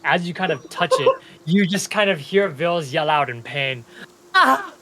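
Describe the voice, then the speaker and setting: A man's voice: a little high, moderate pace, a bit bright, a little hiss or hum. A young man narrating as game master, loose and chatty, breaking into chuckles as he describes the scene.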